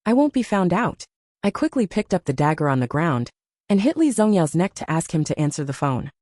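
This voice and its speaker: Woman narrating an audiobook, lively pitch. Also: fairly quick, no room sound, studio quality. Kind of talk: first-person story narration.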